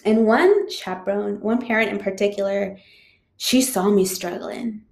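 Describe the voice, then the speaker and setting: A woman's voice: mid-range voice, measured pace, creaky, darkish tone. A woman who is a teacher, casually telling a personal story with lots of fillers. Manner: chatty, frequent "like" and "um" fillers. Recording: roomy echo.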